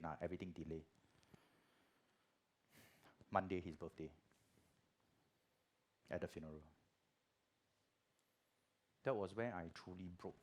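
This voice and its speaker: Middle-aged Singaporean man, low voice, testimony style, Singlish, big swings from quiet to loud. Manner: Singlish particles, swings from hushed to loud and animated. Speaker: guest preacher. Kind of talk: church testimony talk.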